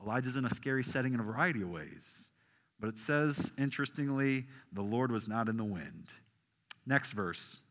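A man preaching a sermon to a congregation, asking them questions and swinging from loud emphasis down to soft, hushed lines. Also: medium pitch, moderate pace, in a large hall. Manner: animated, rising loud for emphasis then dropping soft. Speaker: pastor.

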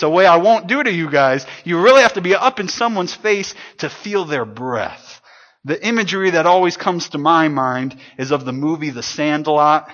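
A man preaching a sermon to his congregation, swinging between loud emphatic lines and hushed, soft ones. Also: fairly high pitch. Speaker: pastor. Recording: dull lo-fi sound.

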